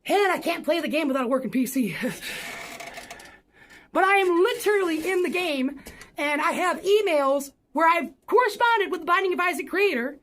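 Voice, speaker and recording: A woman's voice: very high-pitched, lively intonation, normal speed, fairly bright tone. A woman streaming casually while pedaling an exercise bike, joking and swearing with chat.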